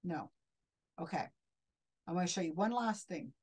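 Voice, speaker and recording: A woman's voice: on the low side, expressive, normal speed, darkish tone, breathy edge, poor audio. A woman commenting critically on a video clip as a skeptic, sounding indignant and often restarting her sentences.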